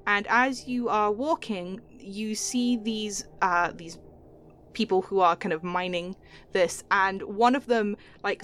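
A woman with a mid-range, fairly bright voice narrates as a game master, describing scenes in a loose way. She scatters lots of "like" fillers through her descriptions and laughs lightly now and then.

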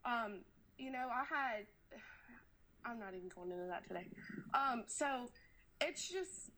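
A woman's voice: fairly high pitch, expressive, slow pace, pushed and bright, slight background noise. A woman, sick and out of breath, talking earnestly about faith as a podcast co-host, rambling with many fillers. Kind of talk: casual faith talk.

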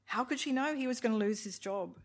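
A woman reading a novel aloud in a measured, expressive storytelling manner, with occasional asides to her listeners. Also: fairly high pitch. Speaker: reader of a novel.

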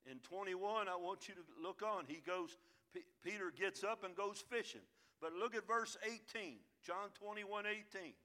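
A man preaching a sermon, his voice high and bright with a sharp edge. He builds to loud, emphatic peaks, then drops to low, quiet asides. His delivery is fervent throughout. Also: normal speed.

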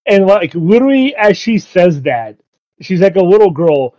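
Giggly high-voiced man recapping anime. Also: normal speed, no echo. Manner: excitable, laughs constantly while retelling; swears casually. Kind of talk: casual chat recapping an anime episode. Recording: dull lo-fi sound.

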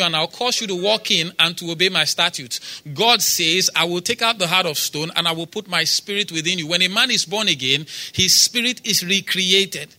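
High, bright-voiced man preaching. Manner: emphatic, repeats phrases, quotes scripture, asks the crowd for responses. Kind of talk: sermon. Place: church.

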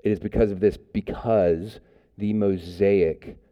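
A man's voice: fairly low pitch, fairly even intonation, slow pace, warm tone, clean tone. A man preaching a sermon as pastor, speaking in a conversational way with frequent fillers and restarts.

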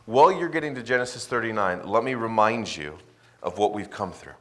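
A male pastor preaching a sermon, swinging between loud emphasis and quiet asides. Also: fairly low pitch, expressive, a little fast.

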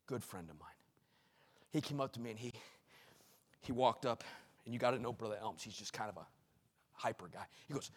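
A middle-aged male preacher delivering a sermon, shouting rhythmic repeated lines and dropping to quiet storytelling. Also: on the low side, moderate pace, pauses often. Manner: swings between shouted exclamations and quiet storytelling; repetitive, rhythmic preaching cadence.

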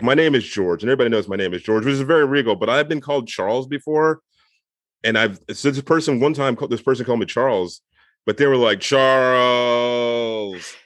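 A man's voice: medium pitch, no room sound, clean studio sound. A man co-hosting a podcast in casual chat, rambling and joking as he corrects himself. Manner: rambling, jokey, self-correcting. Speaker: podcast co-host.

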